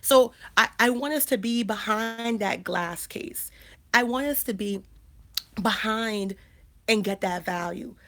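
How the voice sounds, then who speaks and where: A woman in her thirties talks straight to her viewers in a casual livestream. Her voice sits on the higher side. She speaks emphatically, repeats her key phrases and often restarts her sentences. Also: slow pace, a bit bright. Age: 30s. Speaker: life coach and channel host.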